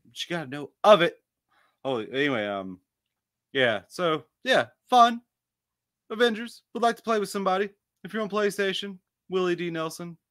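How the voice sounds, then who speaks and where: A man co-hosting a podcast, rambling along with plenty of fillers and casual swearing. His voice has a bright, forward edge, and the sound is close and dry with no room around it. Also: sits high, lively intonation, normal speed, dry recording. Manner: rambling, swears freely, many filler words. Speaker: podcast co-host. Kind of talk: casual chat.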